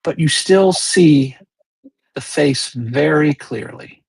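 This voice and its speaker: A game master narrating a tabletop game, setting scenes slowly and checking in with the players. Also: mid-range voice, vocal fry, a little mellow, breathy edge. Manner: slow, measured scene-setting with check-in questions.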